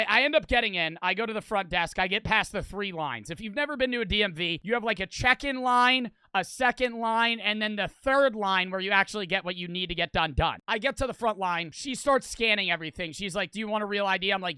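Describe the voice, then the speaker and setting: A man's voice: high voice, sharp tone, smooth, no echo. A man in his early twenties casually telling a profane, rambling story to his stream audience. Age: young adult.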